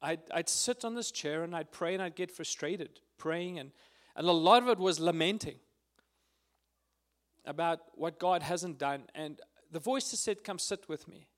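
A fairly high-voiced man speaks earnestly to a prayer gathering, telling his story in an informal, heartfelt way. He sounds close to tears at times and fills his pauses with hesitations. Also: lively intonation, fairly bright tone. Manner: earnest, emotional, with frequent fillers. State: tearful at times.

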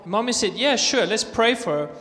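A man telling lively testimony stories in a church, acting out the dialogue. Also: sits high, a little fast. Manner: animated storyteller acting out dialogue. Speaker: guest speaker sharing testimonies. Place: church hall. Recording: reverberant church hall.

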